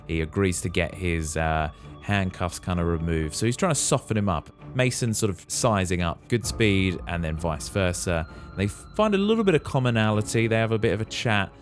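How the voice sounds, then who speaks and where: A man hosting a podcast, retelling a movie plot in a relaxed way and quizzing his co-host. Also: sits low, moderate pace, few pauses, soft background music. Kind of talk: casual movie recap.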